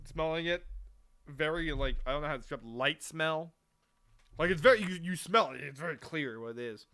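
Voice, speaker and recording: A young man on a casual podcast with a bright, slightly high voice. He rambles with restarts and trail-offs and swears freely. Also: lively intonation, normal speed. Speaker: podcast co-host. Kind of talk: casual chat.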